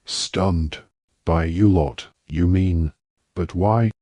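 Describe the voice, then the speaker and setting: A man voicing an excitable wizard official who talks breathlessly in rapid questions. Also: low-pitched, dry recording, studio quality, heavily acted. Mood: agitated.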